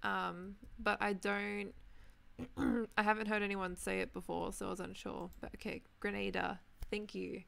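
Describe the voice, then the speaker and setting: A young woman chatting casually while streaming a building game, reading chat names and clearing her throat, her voice tired from talking. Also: mid-range voice, little pitch movement, moderate pace, fairly bright tone. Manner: chatty, reads out chat names, many ums. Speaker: Minecraft livestreamer.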